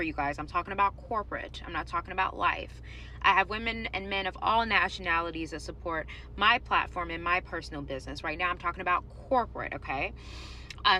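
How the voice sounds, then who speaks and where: A woman speaks to camera in a bright, sharp-edged voice with a faint hum of traffic somewhere behind her. She talks casually but emphatically and repeats her main lines for stress. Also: mid-range voice, poor audio. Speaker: social media commentator. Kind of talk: casual direct-to-camera monologue.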